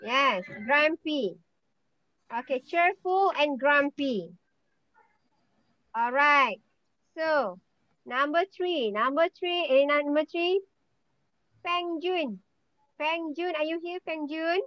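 Brief: high, unhurried Malaysian woman teaching over a dull, dry video call; patient, repeats herself. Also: no room sound. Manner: patient, repeats words and names often. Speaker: English teacher. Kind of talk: online class roll call and vocabulary quiz.

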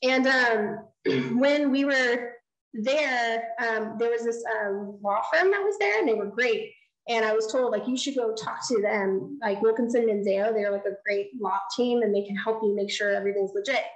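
A woman with a fairly high voice tells a story from a lecture stage. She speaks in an animated way and acts out each line of dialogue. The sound carries the echo of a large room. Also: normal speed. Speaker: nonprofit founder giving a design lecture. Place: lecture hall.

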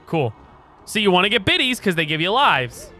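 A young man doing let's play commentary, excitable, swearing a lot and yelling at the game. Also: sits high, moderate pace, faint music behind. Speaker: gaming streamer.

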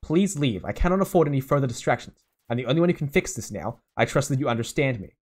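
A man's voice: medium pitch, expressive, fast talker, darkish tone, slightly rough. An English man voicing a bitter, proud male machine god, reading the game's lines in a plain, stiff way. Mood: weary. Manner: stiff, reading game text aloud.

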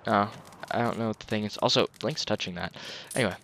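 A man's voice: on the low side, fast talker, a bit bright. Chatty young man doing game commentary. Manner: casual, joking, chatty. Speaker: let's play commentator.

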